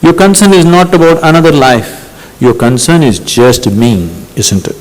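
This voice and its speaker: A man's voice: fairly high pitch, moderate pace. A man speaking as a spiritual teacher to an audience, questioning listeners and often tagging his points with "isn't it?". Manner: questioning, repeats tags like "isn't it?". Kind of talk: spoken discourse to an audience. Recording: long hall reverb.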